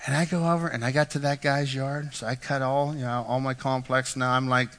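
A man's voice: mid-range voice, fairly even intonation, fairly quick, a bit bright. A middle-aged man preaching a sermon, telling self-deprecating stories with frequent "right?" asides. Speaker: pastor. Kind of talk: storytelling sermon. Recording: echoey hall reverb.

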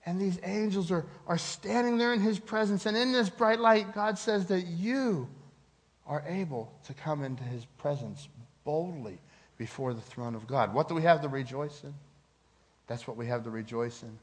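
A man preaching a sermon. He swings between loud, emphatic peaks and hushed, low phrases, and he stretches key words slowly for emphasis. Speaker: pastor.

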